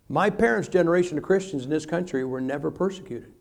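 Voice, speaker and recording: A male preacher with a voice pitched a bit high. He delivers his sermon in a humorous, animated way, acting out short asides and stories. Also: brisk, gravelly, hardly any pauses.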